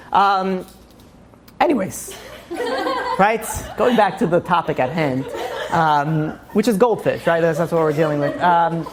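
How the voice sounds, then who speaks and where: The Torah lecture comes from a high-voiced rabbi who keeps things casual and funny for his live class. He speaks quickly and with animation, leaning heavily on "you know."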